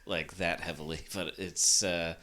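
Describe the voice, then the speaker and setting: A man co-hosting a casual podcast. His voice sits very low yet sounds bright and forceful. He peppers his talk with "like" and swears freely. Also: flat delivery, measured pace. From Boston area. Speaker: podcast co-host. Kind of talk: casual chat.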